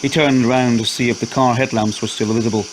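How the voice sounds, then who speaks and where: A man narrating a scripted horror story in a steady, measured way. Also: medium pitch, slight background noise, rough recording.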